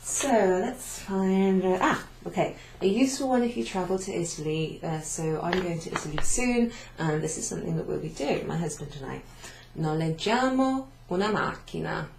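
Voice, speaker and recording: In an echoey classroom, a British woman teaches beginners a language at a whiteboard, walking through each step with fillers. Her lowish, creaky voice is expressive and a little mellow, moving at a moderate pace with few pauses. A faint hiss or hum sits under the recording.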